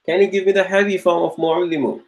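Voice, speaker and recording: A high-sitting male voice talks fast and keeps a level tone while teaching a live online grammar class. He patiently repeats his questions, drills students encouragingly, and praises them by name as they answer. The recording quality is low.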